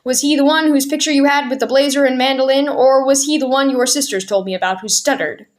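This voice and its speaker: A man's voice: very high-pitched, expressive, normal speed. A woman reading the part of a busy father of a big family, clipped and impatient, sometimes teasing.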